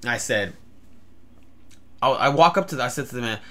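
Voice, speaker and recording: A man's voice: mid-range voice, brisk, fairly bright tone. A young man telling a story in a rambling vlog, with many fillers and stammered restarts. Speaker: vlogger.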